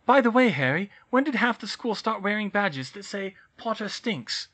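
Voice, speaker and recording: A man voicing a bossy, clever teenage witch girl in an audiobook reading, insistent and brisk. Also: high-pitched, sing-song, bright, forceful tone, voice pushed up, heavily acted. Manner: brisk, insistent, rises to shrieks. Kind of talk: audiobook reading of fan fiction.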